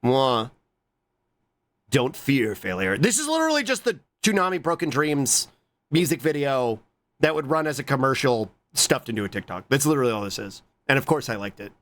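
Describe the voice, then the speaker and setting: A man streaming and chatting casually with his viewers, excitable and swearing often. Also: moderate pace. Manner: excitable, swears a lot, jumps to squeaky high greetings.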